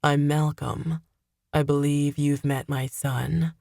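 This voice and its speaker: Female narrator plays a cold, deep-voiced demon man; slow and menacing, loud outbursts. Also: level tone, vocal fry, no echo, exaggerated voice. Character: cold vengeful male demon father.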